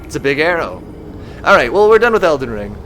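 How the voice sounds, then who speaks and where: A man's voice: a little high, big pitch swings, brisk, a bit bright, soft background music. A man casually musing aloud while streaming a game live and reading chat comments.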